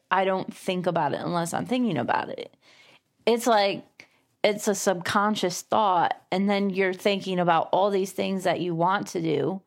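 A woman co-hosting a casual podcast chat, talking in a reflective, gently teasing way and laughing easily. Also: fairly low pitch. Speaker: podcast co-host.

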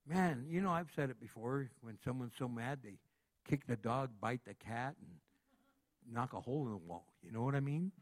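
A man preaching a sermon in a lively, conversational way, acting out little everyday scenes as he goes. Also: medium pitch, moderate pace. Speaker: pastor.

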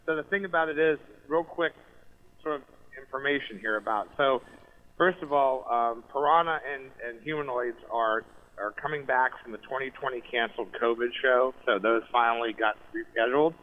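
A man calling in as a guest on a podcast, talking in a jokey, animated way and often cutting in. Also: mid-range voice, moderate pace. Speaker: event co-organizer, guest. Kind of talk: casual podcast conversation. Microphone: phone or call audio. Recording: tinny phone line.

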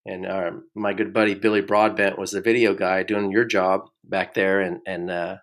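A middle-aged former ballplayer hosts a podcast, telling rambling stories in a casual chat, repeating words and chuckling along the way. His voice is low-pitched and a bit bright, with a flat delivery at normal speed.

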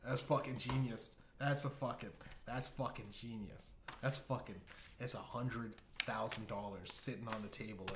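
Guy riffing solo on his show, rambly and swearing a lot, echoey room, faint hiss. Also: mid-range voice. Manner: rambling, profane, lots of restarts. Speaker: host. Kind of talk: casual comedic riffing.

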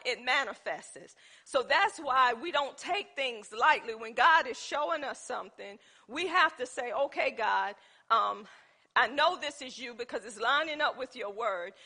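A woman's voice: high-pitched, animated, normal speed, bright, forceful tone, husky. A woman giving an informal Bible teaching, who tells stories from her own life and asks her listeners questions. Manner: tells personal stories as examples.

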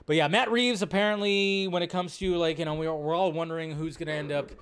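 A man's voice: a little high, steady tone, fast talker, a bit bright, a little hiss or hum. Chatty male live-stream host. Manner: rambling, filler-heavy, chatty. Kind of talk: casual live-stream commentary.

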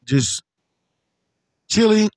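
A man hosting a casual chat, telling profane, animated stories and acting out what people said. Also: sits high, drawn-out words. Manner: animated, profane storytelling with put-on quotes. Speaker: podcast host.

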